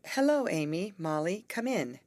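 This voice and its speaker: A woman voicing a brisk, bossy teenage girl who leads her friends and coaxes them along. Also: fairly low pitch, sing-song, a little mellow, no echo, voice pushed up. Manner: brisk and coaxing.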